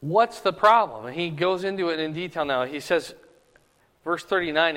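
Unhurried and expressive, a man with a high-sitting voice preaches informally verse by verse, repeatedly checking in with his listeners. His words echo in a hall's long reverb.

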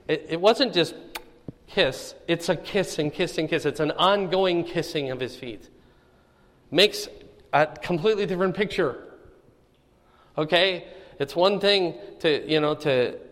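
A man's voice: on the high side, fairly bright tone, in a large hall. A man teaching a Bible study in a conversational way, often checking in with the listeners.

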